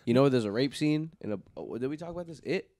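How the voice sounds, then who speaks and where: A man's voice: mid-range voice, animated, fast talker, warm tone. A man co-hosting a casual podcast, chatting loosely, laughing often and restarting his sentences. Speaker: podcast co-host. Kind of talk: casual chat.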